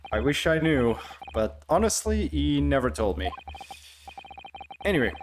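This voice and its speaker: A man's voice: fairly high pitch, very animated, unhurried, creaky, a little hiss or hum, exaggerated voice. A man reading the lines of a polite, slightly nervous young Japanese defense lawyer in his own voice.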